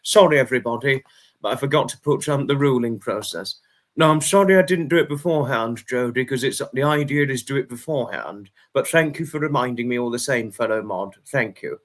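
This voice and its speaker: A man's voice: medium pitch, animated, brisk, a bit bright. Rambling man hosting a livestream. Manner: rambling, apologetic, flares into angry rants. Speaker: livestream host. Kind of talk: casual livestream chat reading comments.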